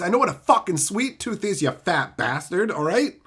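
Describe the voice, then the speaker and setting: A man streaming live, ranting loudly with constant swearing and insults, reading and mocking chat comments. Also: high voice, very animated, moderate pace, slightly rough. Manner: loud, swearing, insulting rants; reads chat comments aloud and mocks them. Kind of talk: profane livestream rant.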